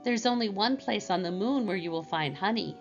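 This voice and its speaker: A woman voicing a gentle, grave butterfly with a thin, clear voice. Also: mid-range voice, fairly quick, highs cut off, faint music behind, close to an everyday voice.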